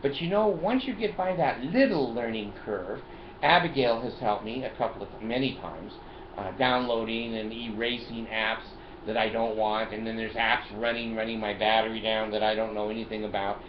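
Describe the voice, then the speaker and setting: A man's voice: lowish voice, normal speed. An older man hosting a casual vlog from his car, chatty and joking, often laughing and swearing as he shows off his gadgets. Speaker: video host. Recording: roomy, dull lo-fi sound, faint noise.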